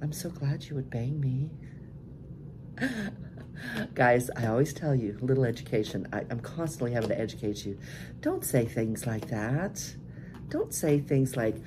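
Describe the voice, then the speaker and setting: A woman's voice: extremely low pitch, lively intonation, a little slow, pauses often, noisy background. A middle-aged woman hosting a live-stream podcast, chatting frankly and laughing often as she answers viewers. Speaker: cam show podcast host. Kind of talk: casual live-stream chat reading viewer messages.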